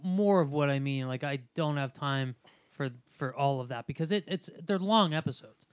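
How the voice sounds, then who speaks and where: A man's voice: fairly high pitch, moderate pace, smooth, no room sound. Man chatting hesitantly on a podcast. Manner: hesitant, restarts a lot. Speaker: podcast co-host. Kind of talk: casual chat.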